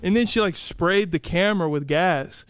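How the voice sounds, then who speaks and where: A man's voice: high voice, moderate pace, a bit bright, clear, resonant tone, no echo. A young man co-hosting a podcast, telling stories in a teasing voice and laughing often. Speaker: podcast co-host. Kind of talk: casual podcast banter.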